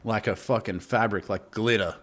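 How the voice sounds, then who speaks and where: A man tells a long, rambling story as a podcast guest. His voice sits low, and he peppers it with slang, swearing and quick laughs. The talk is casual and meandering. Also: steady tone, fairly bright tone.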